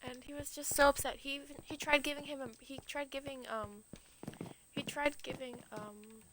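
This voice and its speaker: A woman's voice: high voice, fairly even intonation, moderate pace, a bit bright, a little hiss or hum, poor audio. A young adult woman streamer telling a myth in a rambling, slangy way, full of "like" and "um". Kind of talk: casual storytelling on a stream.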